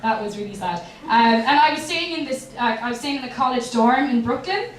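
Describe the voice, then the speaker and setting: A woman's voice: a little high, lively intonation, brisk, recorded from a distance, slight background noise. A young woman with a Kerry Irish accent performing a chatty, self-mocking stand-up set with plenty of swearing. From Ireland. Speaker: stand-up comedian. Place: comedy club stage. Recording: echoey club, mic heard from afar.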